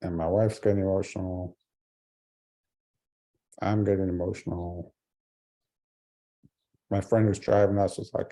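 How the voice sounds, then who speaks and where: A man's voice: deep voice, little pitch movement, measured pace, pauses often, warm tone. A man in his forties giving a speech, telling a personal story with earnest humor. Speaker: keynote speaker.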